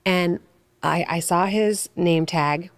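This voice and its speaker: A middle-aged woman with a lowish voice co-hosts a podcast and tells a story in a casual, chatty way. She talks in an animated manner and leans on fillers like "like" and "you know.". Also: slow. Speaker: podcast co-host.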